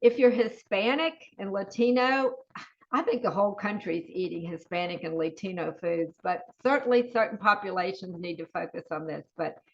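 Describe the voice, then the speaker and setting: A woman with a Southern US accent leads a webinar and runs through menu items with chatty, enthusiastic asides. Her voice sits at a middle pitch. The audio is a little dull, like a web call. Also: moderate pace, slight background noise. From Southern United States. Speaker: webinar presenter, school nutrition. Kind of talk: webinar presentation.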